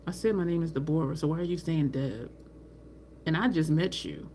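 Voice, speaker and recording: A woman's voice: low-pitched, normal speed, warm tone, a little hiss or hum. Chatty middle-aged woman doing makeup live. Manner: chatty, reads and answers live chat, laughs often; acts out quoted people in her stories. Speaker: makeup livestream host. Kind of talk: casual chat while doing makeup.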